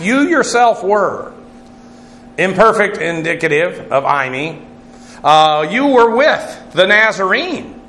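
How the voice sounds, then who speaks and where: A man's voice: high voice, sharp tone, roomy sound, slight background noise. A man teaching a Bible class as its pastor, working through Greek words methodically, spelling them out letter by letter, with many "uh" fillers. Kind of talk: verse-by-verse Greek word study.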